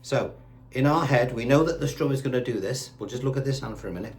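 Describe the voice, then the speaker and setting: A man's voice: medium pitch, fast talker. Man teaching guitar, counting beats. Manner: patient, counts beats aloud while playing. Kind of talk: step-by-step guitar lesson. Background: his own guitar playing.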